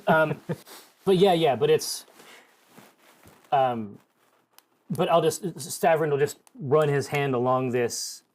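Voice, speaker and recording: A man playing in a tabletop role-playing game, talking casually and excitedly, often restarting his sentences. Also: a little high, takes it slowly, pauses often. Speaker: player.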